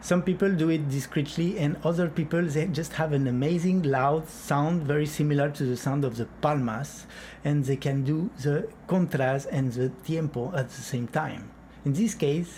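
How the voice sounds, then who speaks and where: A man's voice: fairly high pitch, darkish tone, a little hiss or hum. A man teaching flamenco rhythm and clapping, explaining step by step and counting beats aloud.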